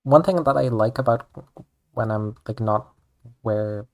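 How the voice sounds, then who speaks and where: Unhurried and steady, this mid-range voice belongs to a young adult Irish streamer and artist. They ramble and chat as they draw, using "like" in almost every sentence.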